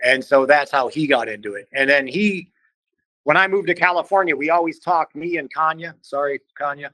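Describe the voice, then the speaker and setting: A man from Cleveland talks as a podcast guest, casual and animated. He acts out what others said in quick put-on voices and swears easily. His voice is bright, a bit tense and set slightly high, recorded close and dry. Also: no room sound, rough recording. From Cleveland, Ohio. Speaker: podcast guest, band vocalist. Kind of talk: casual storytelling in conversation.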